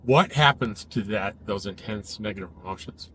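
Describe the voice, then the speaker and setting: A man with a fairly low voice talks casually, explaining ideas the way a therapist would. He speaks in a measured, thoughtful way and lifts his voice for emphasis. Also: a bit bright, slight background noise, poor audio. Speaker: cognitive behavioral therapist.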